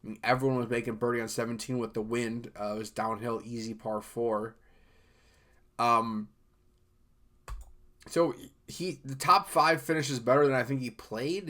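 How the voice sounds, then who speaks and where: A man's voice: medium pitch, fairly bright tone. A man hosting a golf podcast alone, talking loosely and rambling, with frequent fillers and restarts. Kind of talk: casual solo podcast chat.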